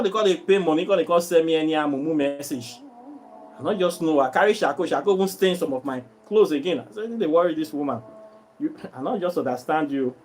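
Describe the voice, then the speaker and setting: High-voiced Nigerian man ranting. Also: slight background noise. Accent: Nigerian, mixing in Pidgin. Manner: exasperated, repetitive complaining. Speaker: vlogger selling herbs and spiritual products. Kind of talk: casual vlog rant to viewers.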